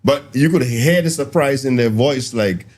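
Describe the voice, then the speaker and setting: A man's voice: medium pitch, moderate pace, darkish tone. A man with a Saint Lucian accent on a podcast panel, talking emphatically in casual chat and often restarting sentences.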